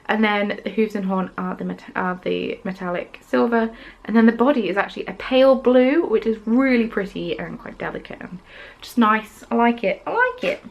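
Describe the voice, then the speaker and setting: A woman's voice: mid-range voice, normal speed, creaky, muffled recording. A woman hosting a craft podcast, chatting casually as she shows off her handmade pieces, gushing and rambling with frequent ums. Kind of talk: casual show-and-tell chat.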